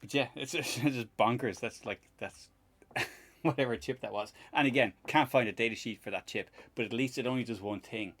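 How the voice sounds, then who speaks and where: A man's voice: mid-range voice, normal speed, a bit bright. A man hosting a live stream in casual chat while he tinkers, rambling, laughing often and swearing casually.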